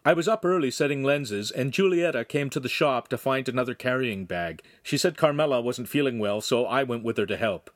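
A man voicing a quick, cheerful young male apprentice who explains himself eagerly in an audiobook reading. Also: mid-range voice, lively intonation, no echo, studio quality, close to an everyday voice.

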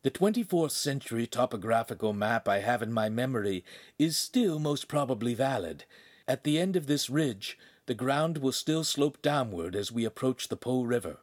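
A man's voice: mid-range voice, animated, moderate pace, no echo, studio quality, pitched above the performer's own voice, lightly acted. A man voicing a small, cautious male imp who speaks in a precise, analytical way. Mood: alert.

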